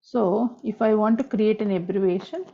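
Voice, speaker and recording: This programming tutor, a woman with a mid-range, dark voice and vocal fry, talks at normal speed through a screen-recorded coding lesson. She explains each step, spells out tag names and repeats key points, recorded in dull lo-fi audio.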